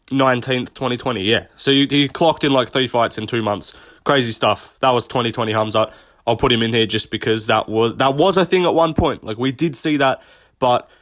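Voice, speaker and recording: Rambling, swearing young male commentator. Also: mid-range voice. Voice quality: rambling, swears often, thinks out loud. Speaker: host, MMA commentator. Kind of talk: casual tier-list commentary.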